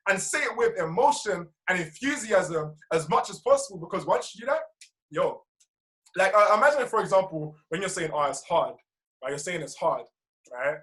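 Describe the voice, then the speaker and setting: A man leading a motivational team call over video, energetic and slangy, often asking "right?". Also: high-pitched, normal speed, rough recording. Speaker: team trainer.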